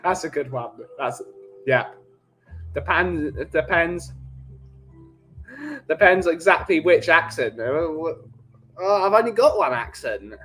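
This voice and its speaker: A man with a London English accent, hosting a relaxed coffee chat stream and bantering jokily with his live chat. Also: on the high side, slow, pauses often, soft background music, rough recording. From England. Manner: jokey, rambling banter.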